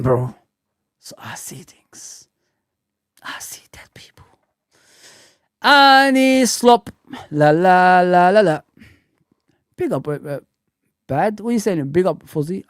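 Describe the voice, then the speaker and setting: A man's voice: fairly high pitch, a little mellow, dry recording, clean studio sound. A man hosting a live football fan stream, teasing viewers, bantering and swearing often. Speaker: football fan channel host.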